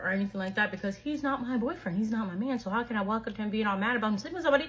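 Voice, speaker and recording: A high-pitched young woman spilling a story to her viewers, quick with slang and full of gossipy energy. She talks casually, like she is catching up with a close friend. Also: a little hiss or hum. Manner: slangy, gossipy, animated retelling. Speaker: storytime vlogger.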